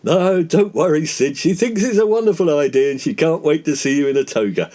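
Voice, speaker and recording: A man's voice: fairly high pitch, expressive, fairly quick, mellow, lightly acted. Brief: pompous, mock-grand Englishman, as a man puts him on, slightly raised voice, needling his pal. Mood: teasing. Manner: pompous, teasing, drawling. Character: pompous, teasing English comic lead man.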